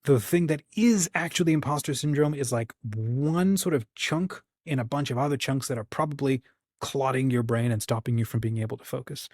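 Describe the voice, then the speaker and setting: Man, channel host, casual chat, encouraging, slightly raspy, dry recording. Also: medium pitch, darkish tone, dry recording. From United States. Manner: rambling, encouraging, acts out quoted dialogue. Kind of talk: casual livestream talk.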